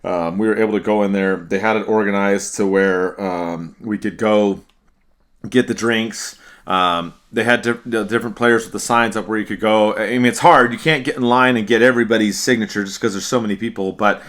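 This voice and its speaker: A man co-hosting a hockey podcast in a measured, casual way, often restarting his sentences. His voice is fairly low. It has a bright, forceful edge. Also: steady tone. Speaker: podcast co-host. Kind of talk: casual sports podcast chat.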